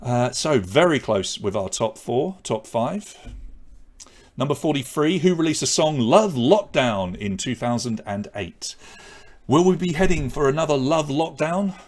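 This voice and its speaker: A man's voice: medium pitch, expressive, measured pace, a little mellow. A man hosting a live online pub quiz, reading out questions and scores in a chatty, self-deprecating way.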